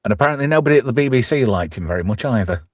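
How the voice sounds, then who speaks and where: An English man doing crude, sweary podcast banter, mocking people and breaking into silly voices. His pitch swings all over the place, and the recording is close and dry. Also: animated, rapid-fire, a little mellow, no echo. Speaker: podcast co-host.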